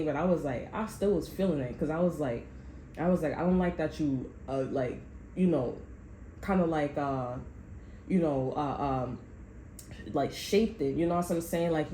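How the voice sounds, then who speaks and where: Woman rambling and cursing thru a story, low mellow voice, roomy echo n a little hiss. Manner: rambling, slangy, swears freely, laughs often. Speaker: tarot reader. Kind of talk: casual storytelling to camera. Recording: echoey room with faint background noise.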